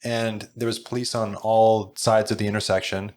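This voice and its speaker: A man's voice: fairly low pitch, little pitch movement, normal speed, a little mellow. A man from Canada hosting a podcast, sharing chatty personal anecdotes. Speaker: podcast host. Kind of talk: casual podcast conversation.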